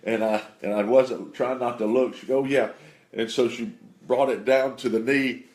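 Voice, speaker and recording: A man telling a personal faith testimony in an unhurried, halting way with many fillers. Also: medium pitch, steady tone, darkish tone.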